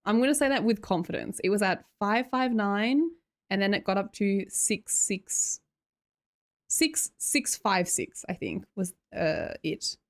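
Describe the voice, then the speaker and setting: A woman's voice: medium pitch, very animated, a little slow. Giggly Australian woman streamer. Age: young adult. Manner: giggly, chatty, reads chat aloud. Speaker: live streamer. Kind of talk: casual livestream chat.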